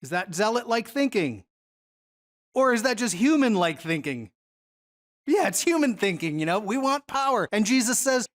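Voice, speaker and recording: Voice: medium pitch, big pitch swings, normal speed. A Bible teacher giving a conversational Bible study lesson, often putting questions to the audience.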